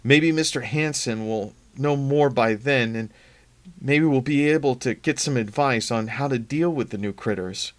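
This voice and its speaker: A man reading aloud, voicing a nervous young man who speaks in quick, raised, stammering lines. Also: mid-range voice, pitched above the performer's own voice, natural voice. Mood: anxious.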